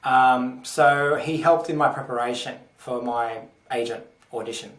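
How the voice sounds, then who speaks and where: A man's voice: mid-range voice, unhurried, a bit bright, slight background noise. An Australian man, an actor guest on a podcast, speaking earnestly and thoughtfully with lots of fillers. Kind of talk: casual interview chat. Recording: echoey and distant from the mic.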